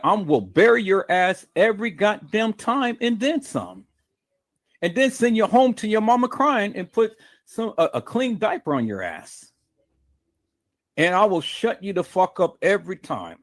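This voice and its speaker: Man, livestream host, fairly high voice, angry profane rant, repeats himself. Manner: profane, combative, repetitive stammering restarts. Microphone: streaming mic.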